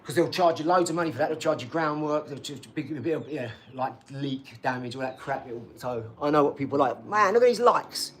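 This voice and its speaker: A man's voice: medium pitch, steady tone, brisk, few pauses, slight background noise. A middle-aged British man hosting a casual boxing livestream, rambling bluntly, swearing freely and talking to his viewers. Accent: British English.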